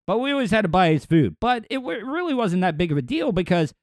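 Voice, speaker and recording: A talkative man who rambles through casual chat and repeats his words as he goes. His voice sits a bit high for a man. The recording is dry and close, with no room sound. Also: sing-song, quick pace, no echo. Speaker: podcast host.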